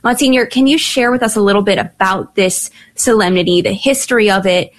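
A young woman hosting a live Catholic radio talk show, chatty, laughing at times, reading phone numbers slowly. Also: mid-range voice.

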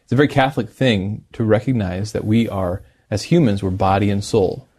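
Brisk male talk show host. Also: fairly low pitch, mellow. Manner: brisk, reflective, affirming the guest often. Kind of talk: faith talk show interview.

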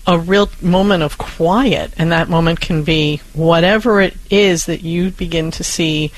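A co-host giving calm, reassuring parenting advice and speaking directly to a listener. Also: mid-range voice, a little slow, no room sound, rough recording. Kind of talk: casual advice chat.

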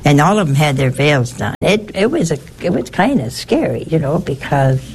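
An older woman, a nun, telling a personal story in a halting way, repeating words and adding chatty asides. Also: deep voice, big pitch swings, darkish tone, a little hiss or hum.

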